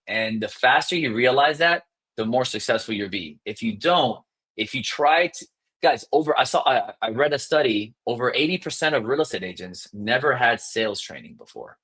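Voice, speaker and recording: Energetic man coaching sales live. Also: mid-range voice, slightly rough. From South Florida. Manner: energetic, fast, emphatic, demonstrates scripts.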